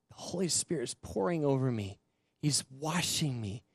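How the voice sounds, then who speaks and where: A young adult man, a pastor, sharing his personal testimony in an earnest, emotional storytelling manner with soft laughs. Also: medium pitch, lively intonation, normal speed, breathy edge, no echo, clean studio sound.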